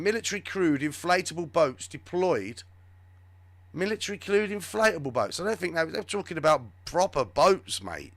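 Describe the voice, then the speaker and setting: A man hosts a live show with rambling, sarcastic commentary. His voice sits fairly high and swoops up and down a lot. The sound is close and dry, with no room echo. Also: fairly bright tone. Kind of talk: live political commentary chat.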